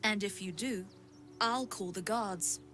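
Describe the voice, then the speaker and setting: Game courier, domineering, curt, possessive, faint music behind. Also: female voice, medium pitch, takes it slowly, a bit bright. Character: harsh, possessive woman courier who owns a dog. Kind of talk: video game voice acting.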